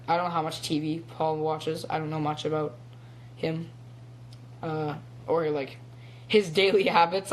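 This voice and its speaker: A teenage boy, a young actor, chats casually on a phone live stream in a voice on the high side. He rambles with plenty of ums and small laughs, and there's slight background noise.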